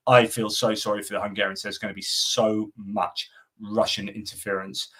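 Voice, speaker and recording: A man's voice: fairly low pitch, level tone, normal speed, fairly bright tone. A middle-aged man hosting a live stream, chatting casually and answering viewer comments, with lots of fillers and restarts. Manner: rambling, many fillers and restarts.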